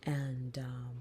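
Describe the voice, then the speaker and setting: A woman hosting a podcast, telling a personal story in a soft, slow, reflective way that often turns breathy. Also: extremely low pitch, a little hiss or hum. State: close to tears. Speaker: podcast host.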